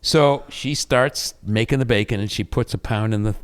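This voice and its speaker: A man co-hosting a casual podcast, telling a story in a relaxed way and laughing along. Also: lowish voice, moderate pace, clear, resonant tone. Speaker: podcast co-host. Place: hilltop cabin.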